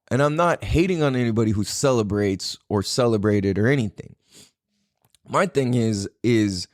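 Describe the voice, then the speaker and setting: A man with a Southern Californian accent hosts a podcast as a casual solo monologue, talking loosely, swearing and laughing often. His mid-range voice is a little mellow, captured in a dry, studio-quality recording.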